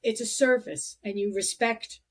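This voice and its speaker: A woman hosting a podcast, talking in a reflective, halting way with many restarts. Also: a little high, steady tone. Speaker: podcast host. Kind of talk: casual conversation.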